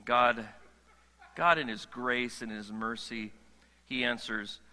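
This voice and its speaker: A male pastor preaching a sermon in a large church hall, animated, with joking asides and frequent restarts mid-phrase. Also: medium pitch, slow pace. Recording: long hall reverb.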